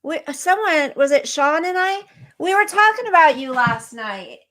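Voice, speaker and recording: A high, bright, forceful female voice moves at a normal speed with animated delivery. She's a livestream host who goes through chat comments, talking casually to viewers by name while sounding sick and weary.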